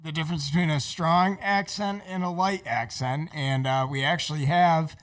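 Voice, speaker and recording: A man's voice: on the high side, normal speed, fairly bright tone. A man with a light Northeastern American accent, a podcast co-host who jokes and laughs often in casual banter.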